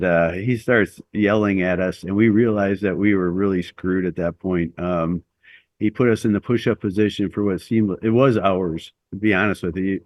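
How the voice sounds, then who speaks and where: A middle-aged former Navy SEAL with a lowish voice tells stories in a casual interview, recorded without echo. His speech rambles, full of fillers and restarts.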